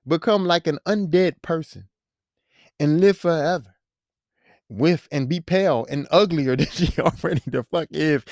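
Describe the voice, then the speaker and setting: Podcast host, casual movie rant, profane, animated, rhetorical questions, mid pitch, dry close sound. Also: no room sound.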